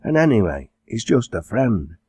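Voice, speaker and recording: A spirited, teasing teenage farm girl, quick-witted and cheeky, put on by a male narrator. The voice is pushed well above his naturally low register and keeps a husky edge. It carries the lively rise and fall of an audiobook read aloud. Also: no echo, full character voice.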